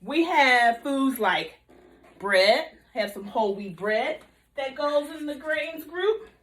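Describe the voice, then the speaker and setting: High, slow-talking woman teaching small kids. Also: animated. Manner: slow, bouncy teacher voice, drawing out repeated words. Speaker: nutrition educator for young children. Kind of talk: kindergarten video lesson with call-and-response.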